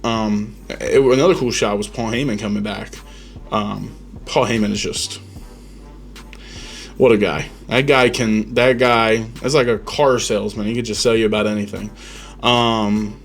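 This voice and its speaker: A man's voice: lowish voice, fairly even intonation, moderate pace, faint music behind. Chatty man rambling with ums. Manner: rambling, opinionated, lots of ums and restarts. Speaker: podcast host. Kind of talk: casual reaction chat.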